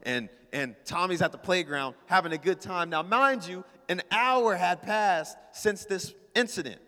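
A man's voice: sits high, unhurried, bright, forceful tone. A man preaching as a pastor, telling a story in a casual, playful way and talking straight to the congregation. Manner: casual, playful, talks to the crowd. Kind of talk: storytelling sermon. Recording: long hall reverb.

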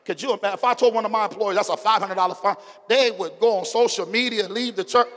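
A middle-aged male pastor with an African American Vernacular English accent, preaching a sermon with call-and-response and swinging from hushed to shouting. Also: sits high, quick pace. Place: church sanctuary. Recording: long hall reverb.

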